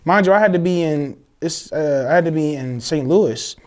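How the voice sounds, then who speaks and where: A young man, telling a personal story in casual, slangy, animated chat, acting out the voices of others. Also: fairly high pitch, normal speed. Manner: animated, swears freely, slangy, acts out quoted voices. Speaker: guest telling his story.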